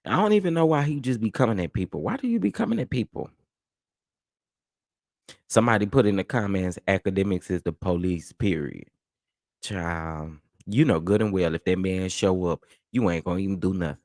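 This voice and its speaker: A man with a lowish voice hosts a casual livestream commentary. He talks in a chatty, dismissive way, laughing between remarks, and the sound is dry and close. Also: brisk, darkish tone, dry recording. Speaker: host of a commentary channel.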